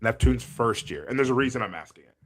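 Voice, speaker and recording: A man's voice: medium pitch, expressive, fast talker, fairly bright tone. A man co-hosting a sports podcast in casual chat, rambling with many fillers and frequent laughs. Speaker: podcast co-host.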